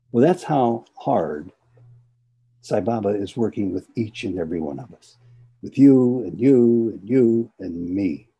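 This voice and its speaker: A man from the United States gives an earnest devotional talk and leans on repeated phrases to drive his points home. His voice is very dark and mellow, with a strong husky grain, and his pitch sits in the middle range. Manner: earnest storyteller who repeats phrases for emphasis. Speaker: speaker at a spiritual gathering. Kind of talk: devotional talk with personal stories.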